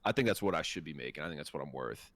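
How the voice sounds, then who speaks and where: A man's voice: extremely low pitch, lively intonation, racing, fairly bright tone, no room sound. A man co-hosting a podcast, talking in a casual, heated way, swearing freely and laughing often. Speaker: podcast co-host. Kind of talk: casual profane chat.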